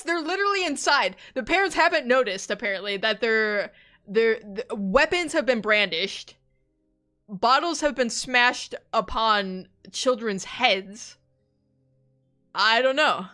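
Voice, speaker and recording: A woman's voice: fairly high pitch, bright, forceful tone. A woman streamer giving joking, incredulous live reactions to a story. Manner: incredulous, joking, laughing asides.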